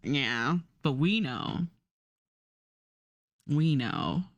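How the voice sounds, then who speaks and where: A woman's voice: very deep voice, big pitch swings, drawn-out words, no room sound, highs cut off. A young adult woman streaming, chatting casually and rambling while she draws, swearing now and then.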